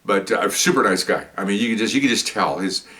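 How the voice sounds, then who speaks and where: A man's voice: on the low side, lively intonation, quick pace, sharp tone, distant mic. A man, a former police officer, telling a story in a casual, rambling way, repeating words as he goes. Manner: rambling, stumbles and repeats words, acts out quotes.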